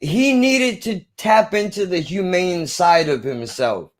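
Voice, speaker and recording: A man's voice: high-pitched, lively intonation, slow pace. A man co-hosting a casual film review, talking in an earnest, impassioned way and swearing for emphasis.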